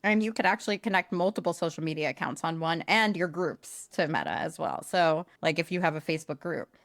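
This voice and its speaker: A woman co-hosting a podcast who talks in a flat, self-described monotone with a casual, blunt manner and some mild swearing. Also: low voice, brisk, no echo, clean studio sound. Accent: accent others comment on, likened to a nasal New York voice. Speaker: podcast co-host, social media marketer. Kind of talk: casual chat.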